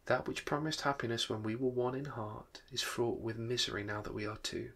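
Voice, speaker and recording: A man reading the part of a gentle, sorrowful young woman who is ending her engagement, in a soft, hushed voice. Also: medium pitch, fairly even intonation, normal speed, gravelly, breathy edge. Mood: sad, gentle. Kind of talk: dramatic reading of a novel.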